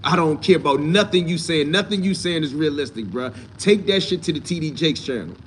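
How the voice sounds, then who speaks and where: Blunt, profane man in fast bursts. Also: a little high, expressive, a bit bright, slight background noise. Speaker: host answering live chat. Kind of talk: casual livestream talk.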